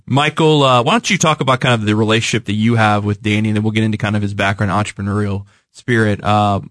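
A man hosting a business talk show in a studio, introducing guests with halting speech full of fillers and repeated words. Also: on the low side, steady tone, a bit bright, no echo. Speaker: show host. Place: radio studio.

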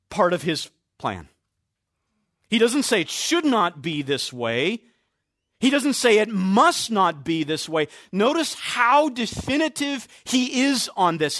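A man preaching a sermon as pastor, stressing key words with slow, drawn-out emphasis. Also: sits high, a bit bright, dry recording, clean studio sound.

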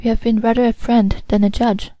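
An earnest young sailor, voiced by a woman reading the story aloud, speaks in a raised, pleading voice. The tone is mellow and the recording dry and close. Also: fairly high pitch, flat delivery, fairly quick, dry recording, natural voice, rough recording. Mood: grateful. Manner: pleading, heightened.

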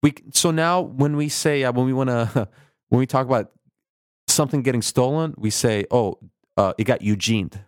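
A man's voice: mid-range voice, normal speed, clear, resonant tone, no room sound, clean studio sound. A man as a guest on a casual podcast, telling rambling anecdotes with lots of fillers.

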